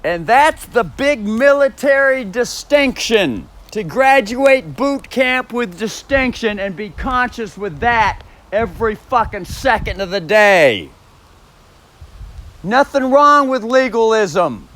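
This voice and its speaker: Male, very high voice with a wide swing; slow, profane, emphatic solo monologue full of repeated phrases. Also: expressive, a bit bright. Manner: stresses single words, plays with inflection.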